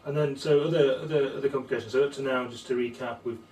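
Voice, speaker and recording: A man's voice: medium pitch, fairly even intonation, fast talker, darkish tone. A man guiding a clinical teaching discussion, recapping points and prompting with questions. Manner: recapping, prompting, frequent agreement. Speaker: clinician interviewer. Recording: echoey room, distant mic, faint noise.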